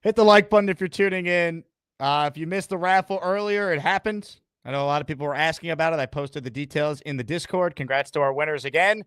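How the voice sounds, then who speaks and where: Man, stream host, upbeat, slightly high voice, dry close sound, talks to viewers. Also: quick pace, fairly bright tone, clear, resonant tone, dry recording. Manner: upbeat, addressing viewers and callers. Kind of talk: live-stream fan show hosting.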